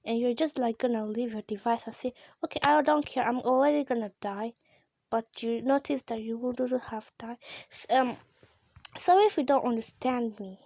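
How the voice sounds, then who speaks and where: Excitable high-voiced female gamer, dry sound. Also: moderate pace, creaky, no room sound. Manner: excitable, gasping, frequent exclamations, talks to viewers; drops to a whisper at times. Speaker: gaming channel host. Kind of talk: excited let's-play commentary.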